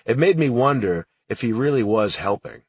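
A man's voice: mid-range voice, expressive, normal speed, husky, no room sound, far from the mic. A man reading first-person audiobook narration in a plain, matter-of-fact storytelling manner.

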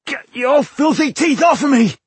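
A man's voice: fairly high pitch, animated, normal speed, a little mellow, breathy edge, no echo, voice pushed up. A man voicing a frightened young male dwarf warrior who talks in tense, urgent outbursts in an audiobook. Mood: furious.

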